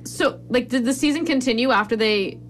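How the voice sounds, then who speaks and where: A woman's voice: on the high side, a little hiss or hum. A young woman co-hosting a casual chat, jumping in with reactions and questions. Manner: chimes in with quick reactions and questions. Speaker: podcast co-host.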